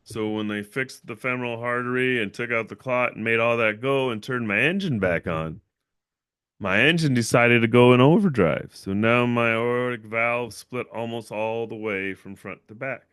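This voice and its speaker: In a mid-range voice at a moderate pace, a young man running his own channel's livestream tells a long, rambling personal story, often repeating himself and adding "right?". His tone is a bit bright and clean. The recording is dry and studio quality.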